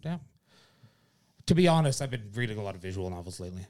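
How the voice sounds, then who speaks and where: A man in casual podcast chat who drops dry, deadpan one-liners. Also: fairly low pitch, fast. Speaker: podcast co-host.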